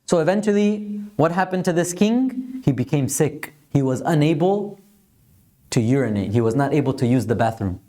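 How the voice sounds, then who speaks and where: A man's voice: a little high, expressive, moderate pace, mellow. A man teaching a mosque lesson in earnest storytelling style, dropping in Arabic phrases. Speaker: religious teacher.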